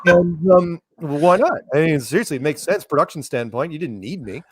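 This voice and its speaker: A man's voice: on the high side, animated, a little fast, heavy background noise. A middle-aged man telling stories as an interview guest, rambling and often restarting his words. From United States. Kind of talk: casual storytelling in an interview.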